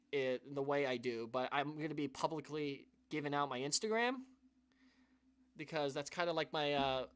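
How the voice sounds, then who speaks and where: A man's voice: on the high side, a bit bright, clean tone. A man hosting a live stream, talking to his viewers in an earnest, rambling way, full of restarts and sighs, and emotional. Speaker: YouTube channel host.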